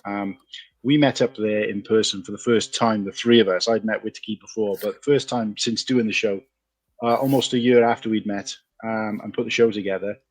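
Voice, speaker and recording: A Welsh man hosting a casual online chat show, talking in a loose, rambling way with quick asides. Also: lowish voice. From Wales. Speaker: podcast host.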